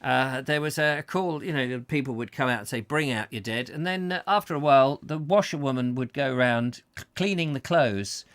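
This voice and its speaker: A man's voice: medium pitch, normal speed, few pauses, fairly bright tone, clear, resonant tone, no echo. Rambling man hosting a chat show. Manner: rambling, jokey, many fillers. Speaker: host. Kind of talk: casual chat reading viewer comments.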